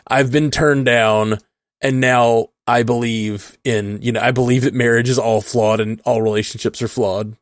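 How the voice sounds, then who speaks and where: A man co-hosting a podcast, talking casually in a halting way full of fillers and restarts. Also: medium pitch, no echo, clean studio sound. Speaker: podcast co-host. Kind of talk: casual chat.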